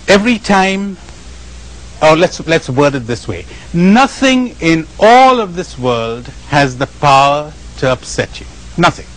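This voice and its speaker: Man, spiritual lecture, animated, fairly high voice, questions the audience. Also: rough recording. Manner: acts out the voices of the people he describes. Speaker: spiritual teacher.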